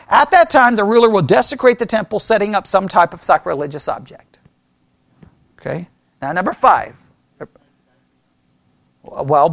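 A man teaching a church Bible study in an animated way, often checking with the class and acting out the voices of people who disagree. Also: high voice, creaky, no room sound. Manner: animated, talks to the class with frequent "right?" checks; mimics opponents in mocking quoted voices.

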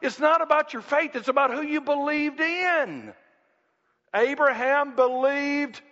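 A man preaching a sermon in a church, animated and emphatic, acting out quoted voices and shouting at the peaks. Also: extremely high pitch, moderate pace. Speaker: pastor. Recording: dull lo-fi sound with long reverb in a hall.

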